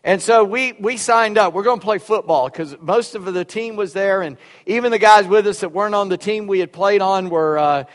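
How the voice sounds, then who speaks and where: A preacher with a notably high voice speaks in a folksy, halting way, doubling back on his words as he tells his story. His voice rings out with a long reverb from the church sanctuary around him. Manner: folksy, repeats words, drawls. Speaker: pastor. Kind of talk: sermon with personal story.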